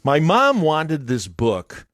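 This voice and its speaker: A man's voice: fairly high pitch, wildly swooping pitch, takes it slowly, fairly bright tone, no echo, clean studio sound. A man hosting a morning radio show, telling a long rambling story in casual banter with his co-hosts. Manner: rambling storyteller with lots of restarts. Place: radio studio. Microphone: studio mic.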